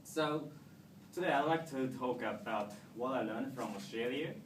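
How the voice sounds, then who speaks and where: A young man with a Japanese accent talks to an audience in English, friendly but halting, full of fillers. His voice comes from across a reverberant hall. Steady background noise sits under it. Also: mid-range voice. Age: young adult. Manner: hesitant, many fillers and restarts, friendly. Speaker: returning exchange student. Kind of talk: informal presentation to an audience. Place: meeting hall. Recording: echoey room, recorded from a distance, noisy.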